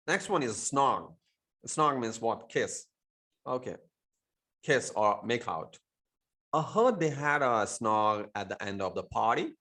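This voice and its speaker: A man's voice: mid-range voice, lively intonation, slow, pauses often. A man who teaches a lesson. He asks "means what?" and then answers himself, and he fills gaps with "you know". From India. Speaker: English teacher. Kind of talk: recorded lesson explaining vocabulary.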